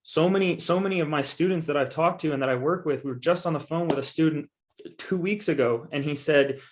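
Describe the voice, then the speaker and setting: A man's voice: on the high side, a little fast. A man giving a coaching presentation on investing, talking to his audience in an emphatic, persuasive and casual way. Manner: emphatic and persuasive, with frequent repeated assurances; casual, addresses listeners directly as "guys". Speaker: guest speaker on real estate investing.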